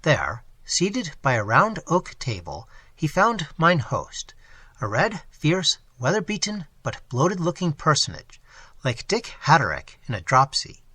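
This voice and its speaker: A man reads a classic novel aloud in a measured, expressive storytelling manner. His voice is bright and a little husky, with a very lively pitch range. The sound is dry and close, with no room around it. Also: dry recording. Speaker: audiobook narrator. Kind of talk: audiobook narration of a classic novel.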